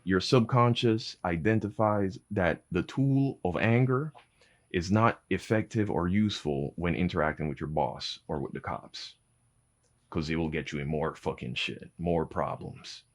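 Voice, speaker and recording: A young adult man giving casual parenting advice to his viewers, animated, swearing freely and calling them bro. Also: low-pitched, unhurried.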